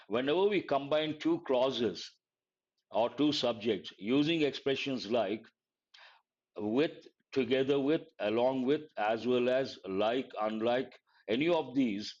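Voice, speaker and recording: Man, Indian English accent, vocabulary lesson, reads then explains, average pitch, slightly dull lo-fi sound. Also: a little mellow. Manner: reads a passage, then explains words slowly. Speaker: teacher. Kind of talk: live editorial analysis lesson.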